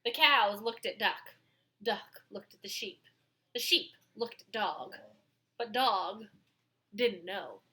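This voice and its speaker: A woman reading a children's picture book aloud with expressive storytelling. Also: medium pitch, slow, pauses often, rough recording.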